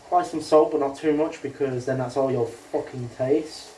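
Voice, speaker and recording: A man's voice: medium pitch, fairly even intonation, normal speed, dark tone. A young man with an ordinary mid-range voice walks through a recipe in dry, rambling banter, swearing as he goes. His voice echoes in a kitchen some distance from the mic, with noise humming underneath. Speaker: co-host cooking. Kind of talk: casual cooking chat. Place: home kitchen.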